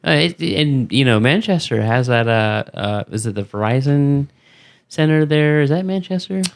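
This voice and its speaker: A man with a mid-pitched voice hosting a studio podcast, easygoing and quick to chime in with agreement. He asks questions in a loose, conversational way. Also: animated, vocal fry. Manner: easygoing, affirming interjections. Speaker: podcast host. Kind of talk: casual chat.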